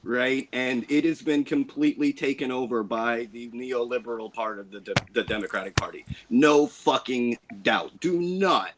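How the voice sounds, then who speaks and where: A man on a panel, talking in halting bursts, repeating words and checking in with the listener. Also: medium pitch, background noise. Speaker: panel member. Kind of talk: panel discussion.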